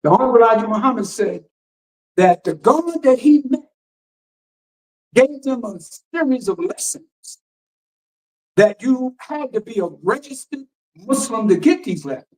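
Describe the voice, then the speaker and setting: A man's voice: extremely high pitch, animated, a little slow, pauses often, a little mellow, low-quality recording. A man minister preaching emphatically and firing rhetorical questions, reading passages aloud and explaining them. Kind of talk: radio teaching sermon.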